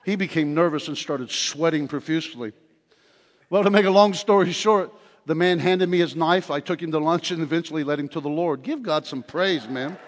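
An older man preaching a sermon in a church, telling stories with animated humor. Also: a little high, normal speed. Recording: long hall reverb.

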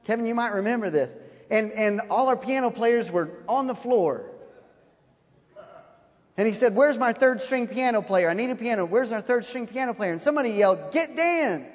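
High-voiced man preaching in a reverberant hall. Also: normal speed. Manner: animated, laughing while telling a story. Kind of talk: sermon storytelling.

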